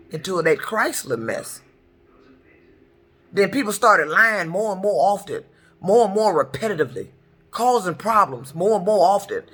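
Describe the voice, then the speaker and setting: Middle-aged woman, bright tense voice, heated profane vlog rant. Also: mid-range voice, slightly rough. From Detroit, US. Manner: heated, profane, repetitive ranting. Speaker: truck driver. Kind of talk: angry ranting vlog.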